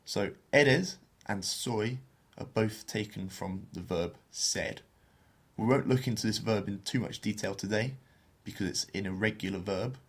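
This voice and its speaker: A man co-hosting a beginner Spanish podcast, explaining phrases and slowing down to model pronunciation. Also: fairly low pitch, slightly rough. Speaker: podcast co-host teaching Spanish.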